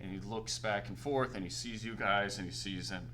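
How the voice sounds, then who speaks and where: A man's voice: fairly low pitch, normal speed, a little hiss or hum. A man narrating a tabletop game as game master, laughing often and belting out other voices. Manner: animated, laughing, belts out voices.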